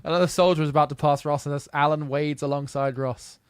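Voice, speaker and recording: A man's voice: on the high side, fairly even intonation, quick pace, smooth, no room sound. Man reading out stage narration. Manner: plain matter-of-fact narration. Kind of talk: reading a script aloud.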